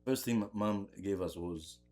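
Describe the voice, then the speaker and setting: A man from Africa, a podcast guest, telling animated stories in casual conversation, often laughing and repeating words as he goes. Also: fairly low pitch, normal speed.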